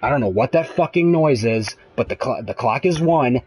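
A young man commenting live on a horror game, jumpy and profane, moving between hushed muttering and high-pitched yelps. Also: animated, normal speed, slightly rough, low-quality recording. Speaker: gaming host playing a horror game.

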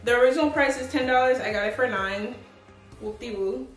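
Talking fast in a high voice, a fashion vlogger runs through a casual clothing try-on haul, upbeat and chatty with lots of "like" and "but yeah," sometimes out of breath. Her home room echoes as a tripod-mounted camera records, faint music playing behind.

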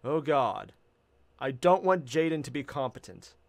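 A man hosting a reaction video, chatting casually, excitable and laughing often as he swears freely. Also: mid-range voice, measured pace, gravelly, no room sound.

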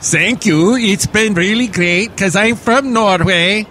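A man voicing a goofy fellow who claims a Norwegian accent and ends his lines with a drawn-out tag. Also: lowish voice, a little hiss or hum, voice pushed down, close to an everyday voice. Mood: insistent. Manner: deadpan with odd sing-song tag.

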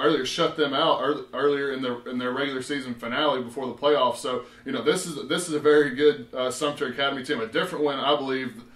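A man co-hosting a local sports show, breaking down high school football with lots of filler words. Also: a bit bright. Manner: rambling, many "you know" fillers. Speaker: sports reporter co-host. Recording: roomy echo.

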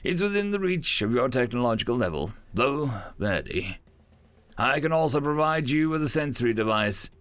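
A man's voice: medium pitch, very animated, moderate pace, a bit bright, no echo, voice pushed up. A man voicing a polite, nervous male alien speaking through a translator, formal and hesitant.

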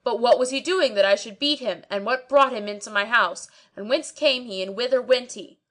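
A woman's voice: on the high side, moderate pace, fairly bright tone, close to an everyday voice. A woman reading aloud voices an indignant, flustered older male judge in a storybook tale. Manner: indignant, protesting.

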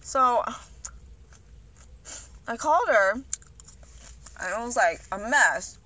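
A woman's voice: a little high, animated, takes it slowly, sharp tone. A young woman vlogger rambling in a confessional, profane way, with lots of "like". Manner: rambling, profane, heavy use of "like". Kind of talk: confessional eating vlog talk.

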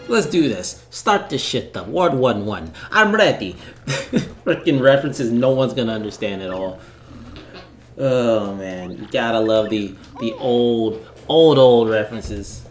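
Brief: lively, animated male gamer, rambling casual commentary, faint game music behind. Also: mid-range voice. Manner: rambling, self-deprecating. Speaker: let's play host.

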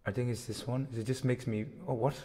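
A man's voice: mid-range voice, fairly even intonation, a little fast, mellow, in a large hall. A man hosting a music livestream, chatting casually with viewers between songs and laughing often. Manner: giggly, laughs often while talking.

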